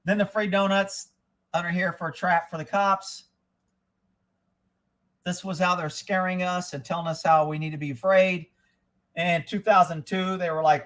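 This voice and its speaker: A man's voice: high voice, steady tone, moderate pace, pushed and bright. A man hosting a live talk stream, running through news with a sarcastic, mocking tone. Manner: sarcastic, mocking news scares in a listing rhythm. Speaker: livestream host. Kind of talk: casual livestream commentary.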